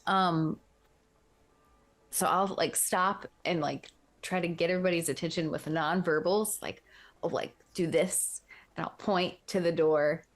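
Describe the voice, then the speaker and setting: A woman's voice: on the low side, fairly even intonation, a little slow. A woman playing a tabletop role-playing game, chatting casually and explaining her character's abilities. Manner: chatty, explains rules with fillers. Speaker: player.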